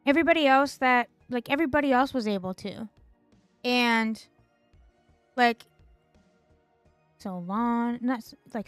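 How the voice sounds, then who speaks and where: A woman streamer vents in loose, sarcastic commentary, full of fillers and swearing. Her voice sits a little high, and the sound is dry and close. Faint music plays behind her. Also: smooth, no echo. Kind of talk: casual ranting stream commentary.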